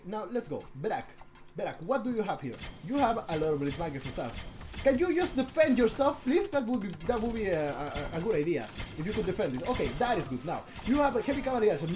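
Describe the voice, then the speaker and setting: A man streaming and commentating a strategy match live, with a lively, swinging voice. He talks straight to his chat, stumbles through restarts and repeats himself, and stays excitable. Faint noise sits under the voice. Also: high voice. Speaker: streamer casting a strategy game.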